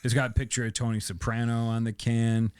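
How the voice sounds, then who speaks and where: Man, mid-pitched podcast host, easygoing, halting, dry close mic. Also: smooth, no echo. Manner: relaxed, hesitant with fillers. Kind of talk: casual chat.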